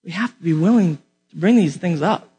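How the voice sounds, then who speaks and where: A man's voice: sits high, expressive, a little fast, warm tone, soft background music. A man preaching a sermon in a casual, joking way, talking straight to his listeners.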